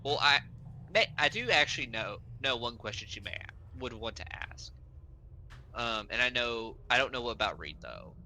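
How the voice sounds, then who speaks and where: A man's voice: medium pitch, animated, moderate pace, bright, forceful tone, slight background noise, rough recording. A man playing a tabletop game online, thinking aloud and often restarting his sentences. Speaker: player. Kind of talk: casual tabletop game chat.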